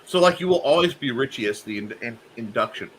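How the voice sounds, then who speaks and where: Lively bright-voiced man hosting a chat. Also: medium pitch, fast, a little hiss or hum. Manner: animated, laughing, frequent fillers and restarts. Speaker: host. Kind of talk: casual chat.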